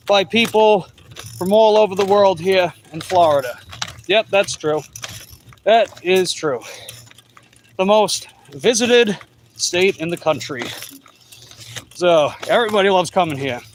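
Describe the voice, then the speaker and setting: A man's voice: high voice, slight background noise. A middle-aged man with a Long Island New York accent, chatting casually and reading viewer comments while riding an e-bike on the road. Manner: chatty, reads viewer comments aloud, rambling restarts. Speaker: delivery rider vlogger.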